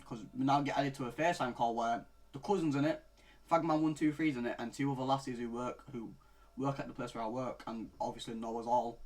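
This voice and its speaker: A late-teen vlogger with a mid-range voice tells a rambling, profane story-time rant. He tacks "bro" onto almost every phrase and swings between muttering and loud outbursts.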